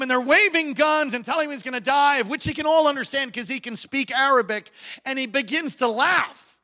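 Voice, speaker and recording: A man preaching a sermon, telling stories with animated energy, bursts of laughter and emphatic repeated declarations. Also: extremely high pitch, moderate pace.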